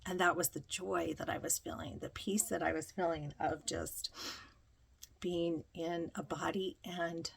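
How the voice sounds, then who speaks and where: A woman telling a reflective personal story, slow and dreamy, with many ums. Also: on the low side, fairly even intonation. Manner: slow, dreamy, breathy with frequent ums and laughter. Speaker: spiritual vlogger.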